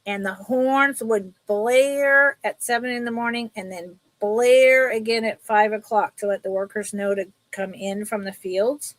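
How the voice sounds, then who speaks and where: Slow-talking chatty woman selling jewelry. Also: a little high, fairly even intonation, dry recording, poor audio. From California. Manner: chatty, rambling, talks to her cat and viewers. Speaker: live sale host selling vintage jewelry. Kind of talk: casual live-stream sales chat.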